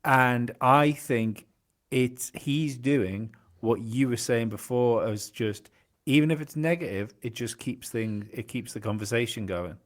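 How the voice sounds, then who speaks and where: A man hosting a podcast in casual chat, halting and restarting with repeated words. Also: medium pitch. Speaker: podcast host.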